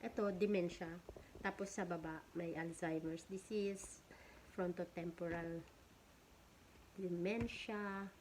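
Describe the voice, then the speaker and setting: Slow-talking woman explaining health. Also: lowish voice, fairly even intonation, noisy background. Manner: switches between English and Tagalog, reading points then explaining loosely. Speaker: health talk host. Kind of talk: informal explainer talk.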